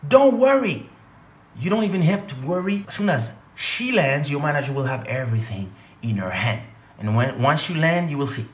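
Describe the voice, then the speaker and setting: A man voicing a male con-man promoter who pleads and whines in a high, sobbing tone. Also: sing-song, normal speed. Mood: soothing. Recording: echoey room.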